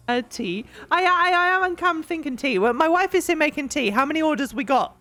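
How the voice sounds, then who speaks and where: A woman's voice: high voice, animated, a little fast, pushed and bright, soft background music. A young English woman streaming, chatting casually and rambling with lots of giggles while she cleans. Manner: bubbly and giggly, rambling with fillers.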